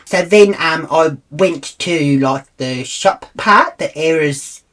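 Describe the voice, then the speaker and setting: A woman telling a story to camera in a blunt, animated way, swearing freely. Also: sits low, slow. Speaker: vlogger. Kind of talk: casual storytelling.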